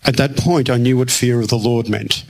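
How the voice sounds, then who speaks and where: A man's voice: mid-range voice, steady tone, normal speed, vocal fry. A man preaching a sermon to a room, telling a personal story and acting out the other people's lines. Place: church hall with audience.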